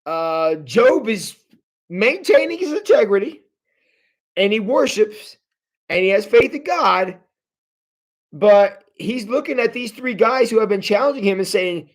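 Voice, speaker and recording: Man, pastor type, high voice, casual livestream teaching, restarts phrases often. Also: unhurried. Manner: conversational, animated, repeats words when restarting; addresses viewers directly. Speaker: pastor leading a Bible study. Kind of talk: livestreamed Bible study teaching.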